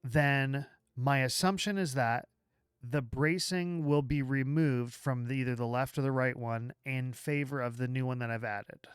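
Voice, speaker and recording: A man hosting a livestream, walking through software live while thinking aloud, with halting restarts, and chatting with viewers as he works. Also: mid-range voice, clean tone, dry recording, clean studio sound. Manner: chats with viewers while working. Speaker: livestream host.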